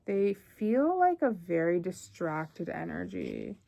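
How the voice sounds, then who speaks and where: A woman's voice: lowish voice, sing-song, slow pace, vocal fry, mellow. A young woman giving a casual tarot reading, chatty and thinking aloud with frequent fillers. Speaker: tarot reader.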